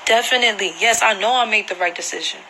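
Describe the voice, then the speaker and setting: A woman's voice: medium pitch, fast talker, pushed and bright, slight background noise, rough recording. A woman vlogger giving an emotional personal account to camera, earnest and repeating herself for emphasis. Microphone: phone screen recording.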